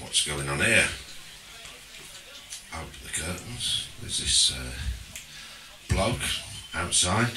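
Deadpan stand-up guy, slow with long pauses, mic'd up in a boomy club, heard from a ways back. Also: a little hiss or hum. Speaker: stand-up comedian. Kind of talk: stand-up comedy set. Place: social club stage, live audience. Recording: roomy live club recording from a distance.

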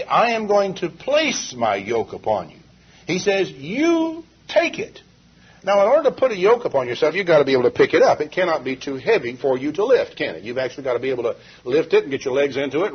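A man's voice: on the high side, slightly rough. A male preacher delivering an emphatic sermon full of rhetorical questions, heard on a dull, lo-fi 1980s tape.

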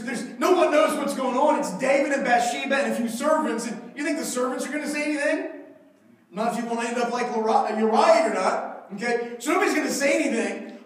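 High-voiced pastor in an echoey hall. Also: male voice. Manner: animated, conversational storytelling with humor. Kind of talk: sermon. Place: church sanctuary. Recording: very echoey hall, mic far off.

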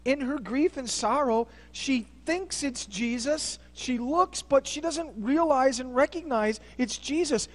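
A man preaching a sermon as a pastor, retelling a story with dramatic swings between loud outbursts and hushed near-whispers. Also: very high voice, a little slow, hardly any pauses. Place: church sanctuary. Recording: long church reverb.

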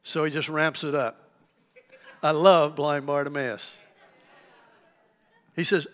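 A man preaching a sermon to a church congregation, telling a story with lively, animated delivery. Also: on the high side, takes it slowly, a faint crowd. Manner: animated storytelling, acts out shouted cries. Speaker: pastor. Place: church sanctuary. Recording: live church hall reverb.

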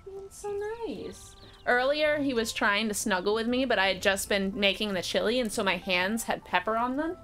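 A woman at a mid pitch chats casually while she streams a game, talking to her viewers and breaking off to coo at her cat. Faint music plays underneath her voice. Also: a little fast, few pauses, a bit bright. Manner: chatty, talks to her cat and chat in a cooing voice. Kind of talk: casual live game commentary.

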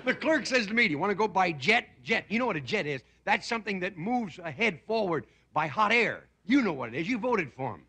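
A man's voice: sits high, sing-song, fairly quick, few pauses. A man in his fifties from Indiana, hosting a comedy show with a stand-up monologue and chuckling at his own jokes. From Indiana, USA. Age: 50s. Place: TV studio stage before a live audience. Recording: 1960s TV broadcast with hiss and studio audience laughter.

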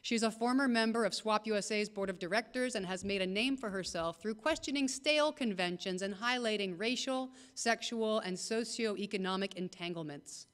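A woman's voice: mid-range voice, normal speed, hardly any pauses. A woman hosting an event, upbeat and cheering as she introduces the speakers.

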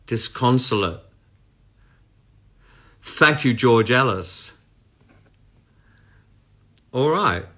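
A man hosting a live stream, reading a story aloud in a measured, expressive way. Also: medium pitch, slightly rough.

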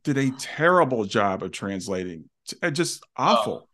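A man's voice: medium pitch, big pitch swings, normal speed, fairly bright tone. Earnest, reflective male podcast host. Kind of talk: conversational podcast interview.

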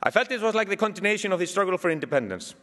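Man, Icelandic accent, keynote speaker, fairly high voice, animated pitch, dry humor, echoey hall. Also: very fast. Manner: lively storytelling with dry humor. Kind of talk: speech to an audience. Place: large museum hall.

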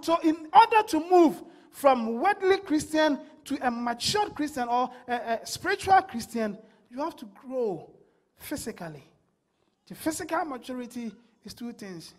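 A woman delivers a sermon. Her voice sits high, and her delivery swells into loud bursts that draw responses from the congregation. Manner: preaches with rising bursts and call-and-response. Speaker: preacher.

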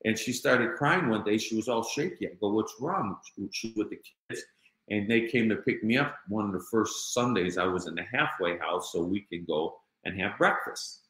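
A middle-aged man with a low voice talks bluntly about his own life, peppering it with "you know." He sounds like a street guy, not a polished speaker. The room around him is echoey. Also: normal speed, a bit bright. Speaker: guest. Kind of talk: personal storytelling in an interview.

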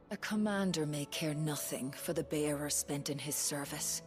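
A weary army physician from a video game, grave and earnest in the way she talks. Her voice sits low. Clear game music plays underneath. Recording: game audio with music behind.

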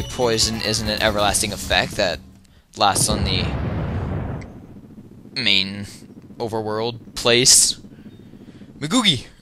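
A man giving casual, rambling, jokey gameplay commentary from home, breaking into loud excited yelps. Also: fairly low pitch. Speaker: let's player. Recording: video game music playing behind.

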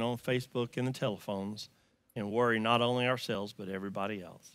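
A male pastor with a Southern US accent preaches in a storytelling way. His tone is bright and forward. The sound is dry and close, and he swings from loud, emphatic lines to quiet, hushed ones. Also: lowish voice, steady tone, a little fast, smooth, dry recording. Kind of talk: sermon.

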